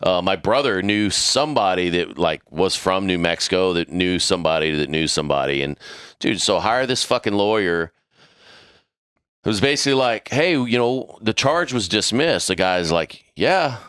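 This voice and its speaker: A middle-aged man tells a war story over the mic in loose, profane podcast chat, jumping into the voices of his old superiors as he goes. His voice sits fairly low and has a bright, forceful edge. The sound is dry and close. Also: animated, moderate pace, smooth, dry recording. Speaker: podcast crew member telling a story.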